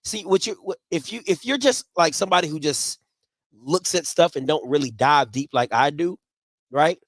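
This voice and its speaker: A man hosting a postgame call-in show, excitable, often repeating himself as he talks fast and loud about the game. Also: a little high, no echo. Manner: excitable, repeats and restarts, shouts. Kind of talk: animated sports call-in talk.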